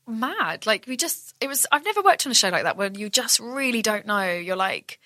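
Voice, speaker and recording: A woman in her thirties, a comedy actress and impressionist, chatting casually and telling animated stories full of voices. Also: fairly high pitch, normal speed, no echo, studio quality. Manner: animated storyteller who slips into voices. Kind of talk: casual chat.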